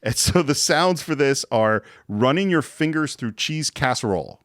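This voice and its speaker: A man hosting a casual film podcast, animated, laughing and acting out scenes as he talks. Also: medium pitch, moderate pace, no room sound, clean studio sound. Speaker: podcast host.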